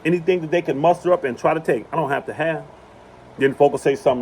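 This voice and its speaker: A man with a slightly high voice talks fast as he preaches outdoors on his own property. He is emphatic, driving points home through repetition, and a little hiss or hum is audible.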